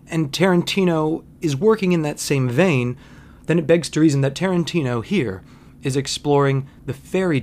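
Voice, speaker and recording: A man's voice: mid-range voice, a little mellow. A man hosting a podcast, giving a wry, conversational film commentary monologue with frequent asides. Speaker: podcast host.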